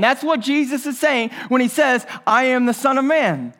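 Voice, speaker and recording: A man's voice: very high voice, normal speed, few pauses, a bit bright. A male pastor preaching a sermon, repeating his phrases and asking the listeners rhetorical questions.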